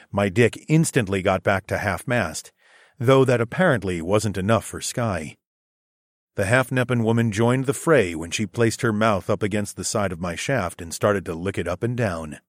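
Male first-person audiobook narrator, lowish steady voice, dry booth sound. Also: no echo.

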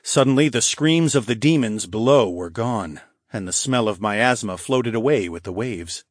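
A man reading a fantasy audiobook in first person, evenly and clearly. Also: lowish voice, expressive, moderate pace, dry recording, clean studio sound. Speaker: audiobook narrator. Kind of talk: scripted first-person narration.

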